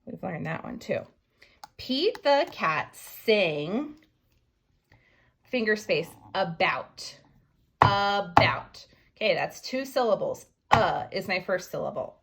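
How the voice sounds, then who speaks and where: A woman teacher talks young children through a writing lesson at a very unhurried pace. She sounds out each word letter by letter. Her voice carries a gravelly, creaky edge. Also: lowish voice, a bit bright. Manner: slow, sounding out words letter by letter.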